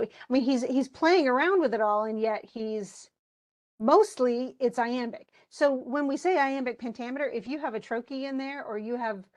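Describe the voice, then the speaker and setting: A woman with a voice on the high side teaches a live online class through a computer mic. She's chatty, explaining with asides and voicing what students might be thinking.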